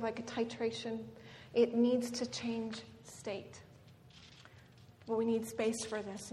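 Earnest woman giving a talk, says um a lot, kinda high voice, echoey hall. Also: a little mellow. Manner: earnest, frequent "um" and "right?". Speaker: guest speaker. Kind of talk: personal story in a seminar talk. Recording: reverberant hall with faint noise.

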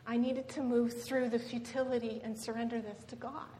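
Earnest woman giving a talk, says um a lot, kinda high voice, echoey hall. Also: flat delivery, moderate pace, mellow. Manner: earnest, frequent "um" and "right?". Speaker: guest speaker. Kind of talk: personal story in a seminar talk. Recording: reverberant hall with faint noise.

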